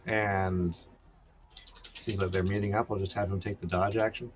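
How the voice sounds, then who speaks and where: A man playing a tabletop game, measured and thinking aloud with pauses. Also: sits low, little pitch movement, slight background noise. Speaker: player. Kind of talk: casual tabletop play.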